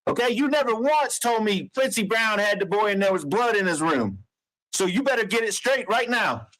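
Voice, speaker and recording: Furious man shouting accusations. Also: high voice, animated, normal speed, rough recording. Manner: angry, accusing, cursing. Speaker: father on a phone call. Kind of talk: heated phone argument.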